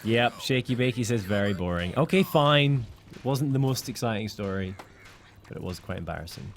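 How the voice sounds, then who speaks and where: A man's voice: fairly low pitch, lively intonation, normal speed. A man from the United Kingdom co-hosting a live game stream, chatting casually and reading out viewer comments.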